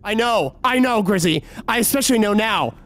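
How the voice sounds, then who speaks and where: Man, gamer, high voice, lively, cocky trash talk. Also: brisk, a little hiss or hum. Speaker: gamer friend. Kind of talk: co-op horror game play with friends.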